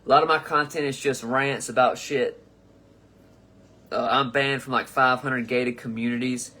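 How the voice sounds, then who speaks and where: A young man hosts his own live comedy stream, reading fan comments aloud and answering them casually, rambling, swearing, and restarting often. His voice is medium in pitch, with fairly even intonation, normal speed, and a pushed, bright quality.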